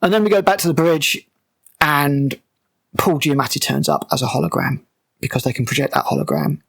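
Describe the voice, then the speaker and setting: A man's voice: fairly high pitch, animated, brisk, creaky, a bit bright, slightly rough. A man giving a sarcastic, exasperated breakdown of a TV episode, mocking it as he goes. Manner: exasperated, mocking, with frequent fillers and restarts. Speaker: TV show reviewer.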